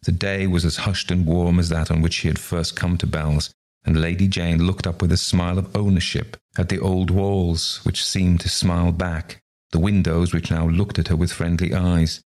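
A man reading a ghost story aloud in a measured, unhurried way. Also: low voice, little pitch movement, a little mellow. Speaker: story reader.

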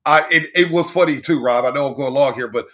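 Man, sports radio guest, animated storytelling, hyped-up delivery, mid pitch. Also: brisk, slight background noise. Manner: animated, hyped, chants and yells in quotes. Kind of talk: excited storytelling chat.

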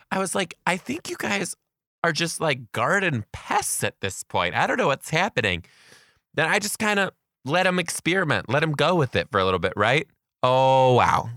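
A man hosting a comedy podcast, telling a funny classroom story and reading out supporter shout-outs in an animated, jokey way. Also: on the high side, dry recording, studio quality. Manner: animated, jokey, with voiced quotes of kids. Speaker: podcast host.

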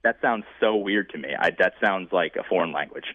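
A man's voice: low-pitched, fairly quick, dry recording. Opinionated man over a tinny line. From Northeast US. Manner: emphatic, opinionated, laughs often. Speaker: podcast co-host. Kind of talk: casual chat.

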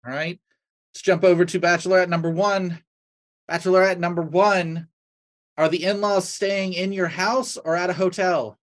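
A man's voice: high voice, flat delivery, normal speed. A man reads out lightning-round questions on a comedy podcast. He keeps a matter-of-fact tone, briefly announcing each contestant. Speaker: podcast producer. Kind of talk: reading quiz questions.

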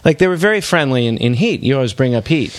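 A man's voice: expressive, fast talker, no room sound. A man co-hosting a casual comedy podcast, wry and mock-earnest. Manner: wry, mock-earnest, bursts into high silly shouts. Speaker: podcast co-host.

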